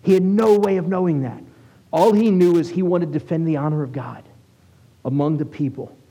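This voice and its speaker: A man preaching a sermon as a rabbi, conversational and asking his listeners questions, reading scripture aloud slowly. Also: on the high side, warm tone, husky, rough recording. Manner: conversational, asks the congregation questions.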